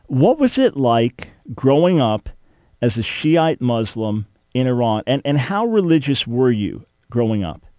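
Male radio host, mid pitch, dry close studio sound, earnest and emphatic. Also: big pitch swings, measured pace, darkish tone, dry recording, highs cut off. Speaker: radio talk show host. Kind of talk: talk radio hosting.

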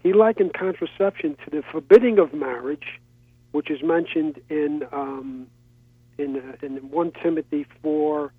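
A man's voice: fairly high pitch, unhurried, breathy edge, dry recording. A man calling in to a radio show, earnestly listing sources with hesitant fillers, heard over a telephone. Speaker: caller. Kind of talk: call-in radio comment. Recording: tinny phone line.

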